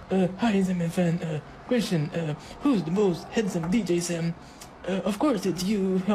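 A woman doing a playful impression of a male radio DJ, mimicking listeners with squeaky high voices. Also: darkish tone, a little hiss or hum, close to an everyday voice.

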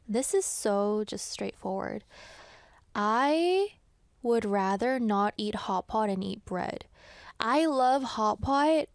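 A young woman hosts a radio show, chatting in a bubbly, giggly way and reading listener messages into a studio microphone. Her voice is medium-pitched with a darkish tone, and the recording is dry.

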